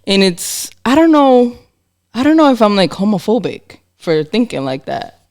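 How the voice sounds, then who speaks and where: A woman co-hosting a podcast in casual chat, candid and animated, laughing often. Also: mid-range voice, moderate pace. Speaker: podcast co-host.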